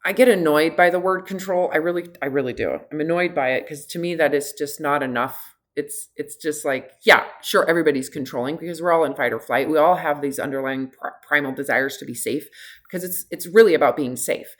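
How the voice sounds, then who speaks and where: Low-voiced woman coach, middle-aged, direct and lively, talking a client through personal issues. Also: brisk. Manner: direct, frank, animated, laughs easily. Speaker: health coach. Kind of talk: one-on-one consultation.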